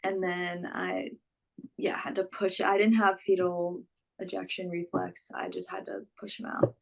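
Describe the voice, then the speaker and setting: A young woman casually telling her own story in a relaxed, chatty way full of fillers. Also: lowish voice, a little slow, vocal fry.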